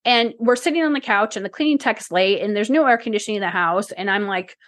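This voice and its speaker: A woman's voice: medium pitch, fast talker, fairly bright tone, no room sound. A woman co-hosting a casual podcast, talking in a rambling, emotional way with many restarts, her voice teary and close to crying. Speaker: podcast co-host.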